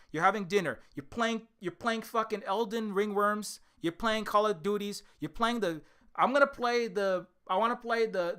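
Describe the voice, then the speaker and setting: An indie game developer ranting on a livestream, swearing a lot, swinging from loud shouting to low muttering, with strained vocal cords.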